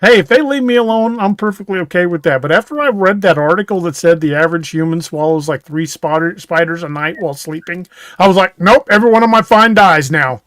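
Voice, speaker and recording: A man's voice: on the high side, fast talker, no room sound. A man co-hosting a podcast, telling stories in a folksy way and often restarting his words. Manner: folksy storyteller, stammers on restarts. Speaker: podcast co-host. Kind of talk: casual chat.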